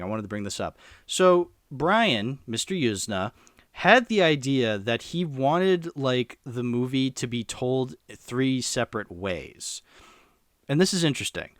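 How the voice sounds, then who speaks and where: A man's voice: mid-range voice, no echo, studio quality. A man in a casual podcast chat, rambling animatedly through a film's plot with lots of fillers. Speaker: podcast co-host reviewing a film.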